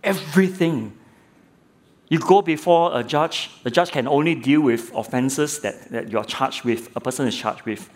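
A man's voice: mid-range voice, normal speed. A middle-aged man and lay preacher preaching a sermon, telling a courtroom story and asking his listeners rhetorical questions, often repeating words as he starts a phrase. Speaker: lay preacher, former judge.

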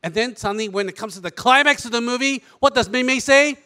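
A man with a Singaporean English accent telling a comic story in an animated way, switching into character voices. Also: very high voice, fast, hardly any pauses, clear, resonant tone. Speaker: comedic storyteller.

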